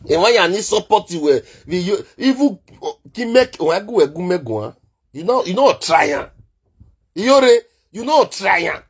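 A man with a Nigerian Pidgin accent ranting in an animated vlog, swinging between shouting and muttering. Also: sits high, moderate pace, slightly rough. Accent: Nigerian Pidgin English. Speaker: online content creator.

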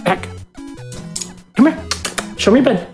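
A speedrunner at a live event stage giving a dog short coaxing commands and chatting excitedly about the run. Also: mid-range voice, measured pace, soft background music.

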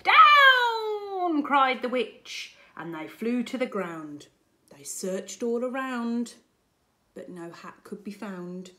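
A woman primary school teacher reading a picture book aloud to children in a remote lesson, with an animated, expressive delivery. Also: medium pitch, takes it slowly. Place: home-recorded remote lesson video.

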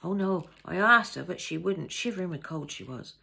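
A woman's voice: lowish voice, lively intonation, moderate pace, creaky, sharp tone, slight background noise, heavily acted. A woman reading aloud, voicing a young, fretful, gossipy housemaid in a story. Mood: chattering.

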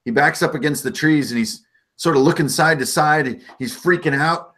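A man's voice: fairly high pitch, moderate pace, fairly bright tone. A man narrating as game master in an easygoing, conversational way, often hedging with "sort of" and "kind of".

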